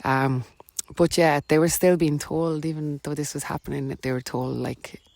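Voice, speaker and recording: A woman's voice: low-pitched, steady tone, moderate pace, gravelly, a little mellow, dry recording. A woman with an Irish accent, a podcast guest telling a personal story in a rambling, filler-heavy way with frequent laughs. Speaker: podcast guest, wellness coach.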